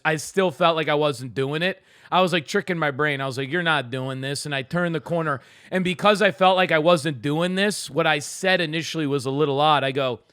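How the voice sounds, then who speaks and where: A man's voice: on the high side, smooth, no room sound, studio quality. A man co-hosting a comedy podcast, telling a story in casual chat and acting out what he said. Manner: animated, acts out his own quoted lines. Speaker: podcast co-host.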